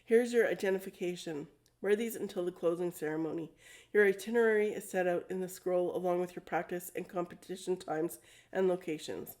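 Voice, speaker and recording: A woman voicing a bored male registration clerk who drones in a monotone, in a storybook read-aloud. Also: fairly low pitch, brisk, natural voice. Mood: droning. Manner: monotone droning.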